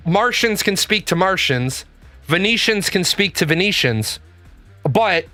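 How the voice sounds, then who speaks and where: A man's voice: high voice, a bit bright, no echo. A man giving a blunt, profane, rambling comedic monologue from his office. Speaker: comedic commentator.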